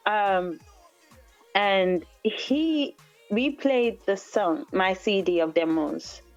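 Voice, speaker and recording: A Jamaican woman, a guest singer-songwriter, telling a story in an interview with lively energy, acting out other people's lines and laughing often. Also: medium pitch, very slow, dull audio, soft background music.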